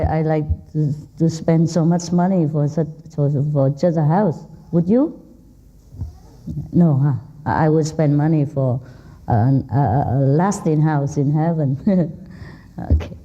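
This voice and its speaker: In a hall, a woman spiritual teacher gives an informal talk in simple, non-native English, teasing her audience and laughing often. Her voice is low and mellow, and the audio sounds dull.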